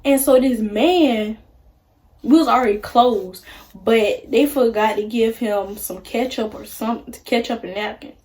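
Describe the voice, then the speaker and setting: Chatty young woman, slightly high voice. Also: measured pace, darkish tone. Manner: chatty, acts out quoted people. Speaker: vlogger. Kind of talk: casual storytime.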